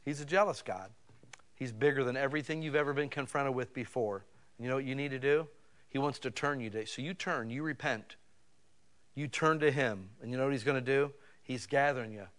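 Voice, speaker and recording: A man's voice: mid-range voice, a little fast, fairly bright tone. A man preaching a sermon in a folksy, conversational way, talking directly to his listeners with emphatic swells. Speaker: pastor.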